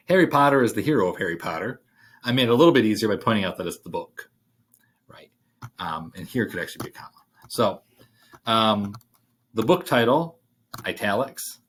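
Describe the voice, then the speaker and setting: A man with a voice on the low side and a bit bright, a writing instructor for a college class. He casually walks through a worksheet on screen share while typing, thinking aloud with fillers.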